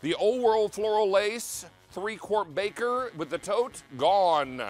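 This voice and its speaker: A man's voice: high voice, slow, soft background music. A man hosting a live home-shopping show, giving chatty, upbeat selling patter about a kitchen appliance. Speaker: TV shopping host.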